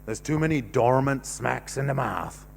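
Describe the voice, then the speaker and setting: A man's voice: medium pitch, animated, normal speed, vocal fry. A Canadian man in his fifties doing a stand-up set, rambling and self-mocking, swearing freely and letting thoughts trail off. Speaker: stand-up comedian. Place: comedy club stage.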